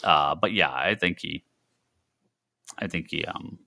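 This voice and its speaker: A man co-hosting a casual podcast chat, telling an animated story with many restarts. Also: rumbling low, measured pace, gravelly. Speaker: podcast co-host.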